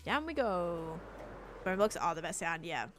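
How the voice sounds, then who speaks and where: A woman's voice: on the low side, animated, unhurried, music in the background. An Australian woman chatting on a live game stream, thinking aloud as she builds and answers her chat.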